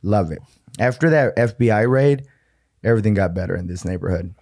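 A man's voice: fairly low pitch, lively intonation, brisk, a little mellow. A man co-hosting a casual podcast, joking and swearing freely, with a slight lisp from fake vampire teeth. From Amarillo, Texas. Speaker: podcast co-host. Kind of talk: casual chat.

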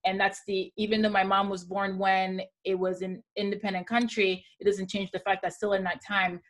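A young woman from Gabon, speaking as a panelist in a casual discussion and telling candid, lively stories. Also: mid-range voice, moderate pace.

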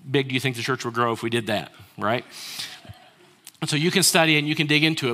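A male pastor preaching a sermon, asking rhetorical questions and getting the congregation to answer and repeat lines after him. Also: mid-range voice. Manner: rhetorical questions, shifts between hushed and raised delivery.

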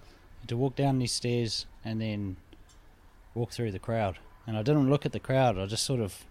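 A man's voice: mid-range voice, normal speed, darkish tone. A man telling a personal story in a casual chat, vivid and repetitive, swearing freely. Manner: vivid, swearing, repeats phrases for effect.

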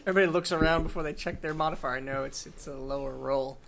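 A man's voice: on the high side, creaky, fairly bright tone. Man, dungeon master, casual narration, rule explanations, faint noise. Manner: casual, chuckling, explains rules. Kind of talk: narrating a tabletop game.

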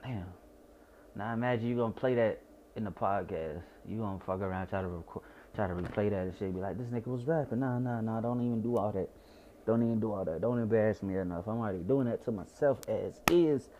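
A young Southern-accented man from Georgia, slightly tipsy from wine, delivers a casual, profane monologue, rambling and repeating himself with stutters. His low-leaning voice is warm and fairly quick, though the recording is muffled with slight background noise.

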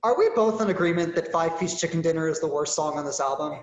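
A podcast co-host giving measured, dryly understated opinions on an album. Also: medium pitch, reverberant, dull audio. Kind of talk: casual album review chat.

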